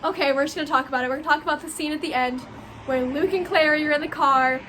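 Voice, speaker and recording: Brief: high-voiced young woman, book vlogger, bright and gushing, faint room hiss. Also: fast. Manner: gushing, animated, full of "like". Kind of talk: casual book review chat.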